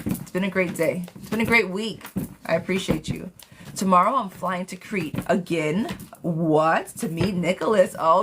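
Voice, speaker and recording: A woman's voice: fairly low pitch, noisy background. A woman doing a live-stream tarot reading, chatty and affectionate, who calls her viewers darling and sweetheart. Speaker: tarot reader.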